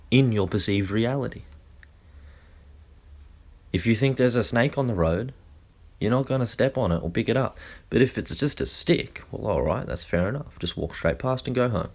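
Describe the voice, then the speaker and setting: A man who gives a lecture-style monologue with deliberate, drawn-out phrasing and frequent restarts. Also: medium pitch, a little mellow. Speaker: speaker.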